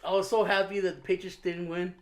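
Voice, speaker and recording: A man co-hosting a podcast, telling stories in an animated casual chat and laughing often. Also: sits high, quick pace. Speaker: podcast co-host.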